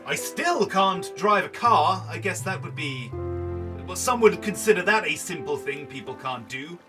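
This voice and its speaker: A chatty man in his early thirties rambles through let's play commentary in a high, bouncy voice. He sounds a little distant from the mic, and background music plays under his talk. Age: early 30s. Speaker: gaming host.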